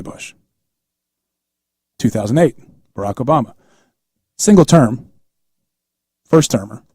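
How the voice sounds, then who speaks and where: A man's voice: lowish voice, warm tone, husky, no room sound, clean studio sound. A man in his fifties guest-hosting a political talk radio show, telling stories in a casual, conversational way and acting out quoted dialogue.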